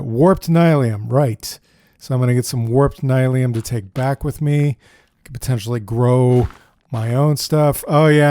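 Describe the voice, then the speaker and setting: Gameplay commentator: man, mellow tone, chatty, thinks out loud, casual delivery. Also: medium pitch, no echo, clean studio sound. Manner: chatty, thinks aloud, often says "dude". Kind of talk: casual let's-play commentary.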